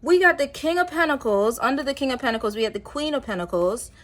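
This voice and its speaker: A woman doing a casual tarot reading, talking in a chatty, rambling way with animated asides. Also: sits high, quick pace. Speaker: tarot reader.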